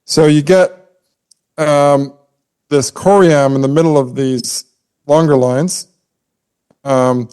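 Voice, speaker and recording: A man's voice: on the high side, fairly even intonation, slow, pauses often, a little mellow, clear, resonant tone. A man co-hosting a podcast, explaining poetic meter in a casual, scholarly way and humming out rhythms with his voice. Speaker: podcast co-host.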